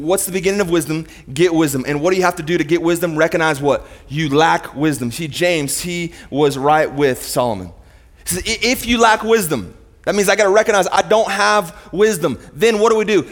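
A man preaching a sermon in a church, firing rhetorical questions at the congregation as his intensity rises and falls. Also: mid-range voice. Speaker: pastor. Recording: long hall reverb.

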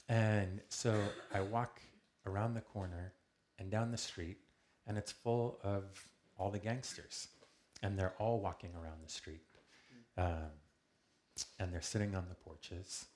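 A man telling a personal story to a small group in a calm, earnest way, acting out the lines of the people in it. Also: on the low side, a little hiss or hum. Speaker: speaker sharing a testimony with a group.

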